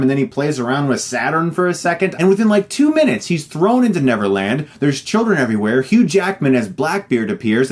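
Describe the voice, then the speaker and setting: Emphatic man reviewing a film. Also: on the high side. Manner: emphatic, exasperated. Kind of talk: online movie review.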